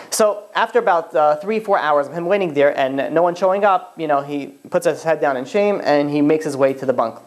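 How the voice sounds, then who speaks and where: Fast-talking rabbi telling a story. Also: male voice, fairly high pitch. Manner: lively storyteller who acts out the characters' dialogue. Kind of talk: storytelling sermon to a live audience.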